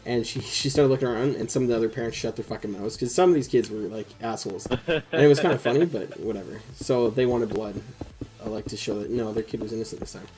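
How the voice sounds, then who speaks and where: Mellow-voiced young man telling a story. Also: medium pitch, quick pace, low-quality recording. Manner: rambling, swears a lot, heavy use of "like". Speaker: host. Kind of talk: casual storytelling chat.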